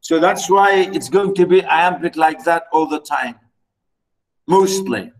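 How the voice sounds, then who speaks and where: A man gives a lecture over an online class in a fairly high voice. He speaks slowly and haltingly, with frequent fillers and repeated words. When he marks out the beats of a line he counts them deliberately, one by one. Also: poor audio. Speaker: university lecturer.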